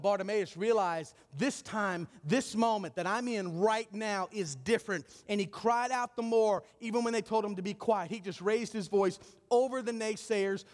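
A man preaching a sermon as pastor, impassioned, swinging between urgent, driving passages and hushed, slow ones. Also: on the high side. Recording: long hall reverb.

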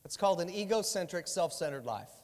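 A man's voice: high voice, fairly quick. A man preaching a sermon in a church, telling stories and acting out the dialogue in different voices. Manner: animated, acts out dialogue in voices. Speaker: guest preacher. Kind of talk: sermon with storytelling. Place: church sanctuary. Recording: long hall reverb in a church.

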